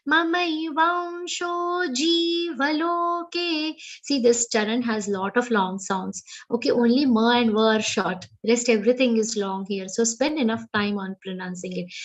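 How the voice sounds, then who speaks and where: High-pitched indian english lady teaching sanskrit chanting, slow and careful, dull lo-fi call audio. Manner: slow, precise, chanting example verses and correcting pronunciation. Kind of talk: online pronunciation class. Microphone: online video call.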